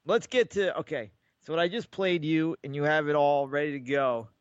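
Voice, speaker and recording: A man's voice: on the high side, moderate pace, clean tone, no room sound, lo-fi sound. A man co-hosting a podcast, chatting casually and rambling through stories while acting out the voices of callers. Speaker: podcast co-host. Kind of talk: casual sports chat.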